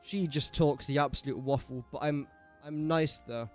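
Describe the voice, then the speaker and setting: Chatty English lad, slightly high voice. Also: male voice, normal speed, soft background music. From England. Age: young adult. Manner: chatty, jokey, talks to himself and the game characters. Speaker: gaming streamer. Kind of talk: casual gameplay commentary.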